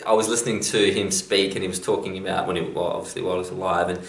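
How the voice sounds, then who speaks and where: A man's voice: deep voice, fairly even intonation, rapid-fire, creaky, reverberant. A man giving a chatty motivational talk, telling stories as a self-help vlogger. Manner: chatty storyteller.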